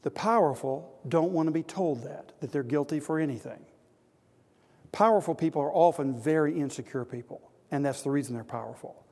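A man's voice: mid-range voice, darkish tone, big-room sound. A man preaching a sermon to an audience of men, earnest and exhorting, building to emphatic repetition.

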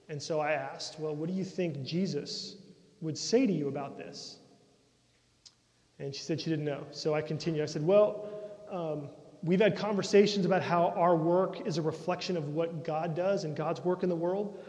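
Earnest preaching man, high voice. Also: fairly even intonation, moderate pace, long pauses, lo-fi sound. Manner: earnest preaching, often dropping to a soft, intimate tone. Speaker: pastor. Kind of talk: sermon. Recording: long reverb of a large hall.

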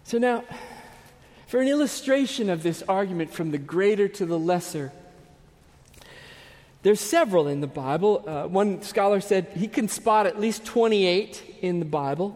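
Slow, high-voiced preacher in a reverberant hall. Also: male voice. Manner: earnest, emphatic, drops to a hush at phrase ends. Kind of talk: sermon.

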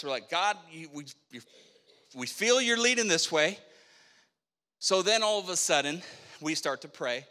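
A middle-aged man telling a personal faith story as a sermon, animated, acting out the dialogue of the people in it. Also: high-pitched, normal speed. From Spokane, Washington, USA. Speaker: preacher telling his testimony. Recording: long echo of a hall.

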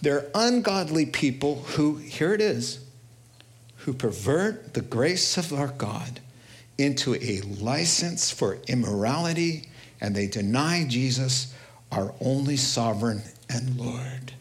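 With a mid-range voice and slow delivery, a male pastor from New York preaches animatedly, performing quoted voices and moving between loud passages and hushed ones.

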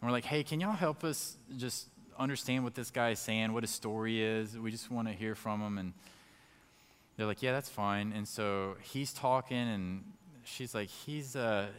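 A man sharing a personal testimony as a lively story and acting out his own thoughts as he goes. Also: on the low side, normal speed, clear, resonant tone, long reverb tail. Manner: animated storyteller who acts out his own inner thoughts.

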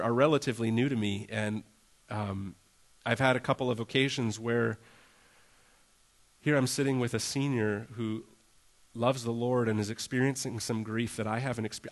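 A man's voice: mid-range voice, fairly bright tone. A man preaching a conversational sermon as a pastor, earnest and casual, often saying "like" and acting out prayers in a raised voice.

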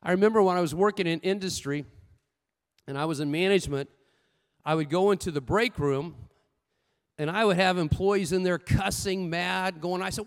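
Guy preaching a sermon, gravelly voice, tells stories, goes loud then real quiet, long echo. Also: sits high, normal speed. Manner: animated preaching with storytelling, swinging between loud and hushed.

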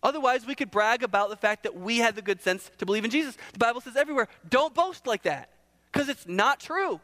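High-voiced guy preaching, punchy questions and answers, long hall echo. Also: expressive, fast, sharp tone. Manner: emphatic, asks and answers his own questions. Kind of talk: sermon.

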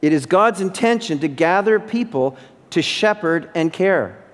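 A man's voice: high voice, lively intonation, measured pace. A male pastor delivering an emphatic sermon in a church, repeating phrases for stress. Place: church sanctuary. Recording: long hall reverb.

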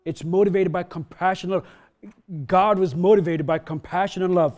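Male pastor, slightly high voice, casual sermon with emphatic builds. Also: steady tone, normal speed, a little mellow.

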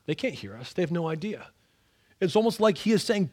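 Husky dramatic preacher man. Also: high voice, expressive, quick pace. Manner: dramatic, acts out the scripture with sudden raised outbursts. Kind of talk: expository sermon.

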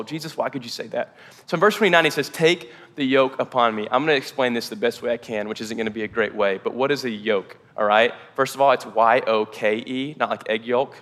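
Energetic man preaching in a reverberant church hall. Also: on the high side. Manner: casual and energetic, lots of fillers. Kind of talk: sermon.

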